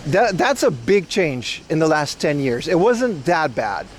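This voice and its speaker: A man's voice: on the high side, big pitch swings, measured pace, slight background noise. Chatty Dutch man streaming outdoors. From Netherlands. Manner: rambling, loose, laughs often, talks to chat. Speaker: livestream host. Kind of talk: casual livestream chat while walking.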